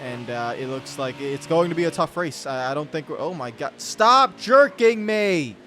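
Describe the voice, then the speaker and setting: Over game music and revving car engines, a man of medium pitch commentates his racing game at a brisk clip. He's a gaming channel host whose frustration spills out in rambling rants that keep breaking off mid-thought.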